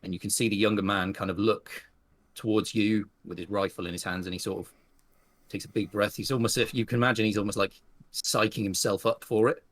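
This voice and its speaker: A man's voice: lowish voice, fairly even intonation, brisk, dry recording. A man narrating a western tabletop game as game master, rambling with many fillers.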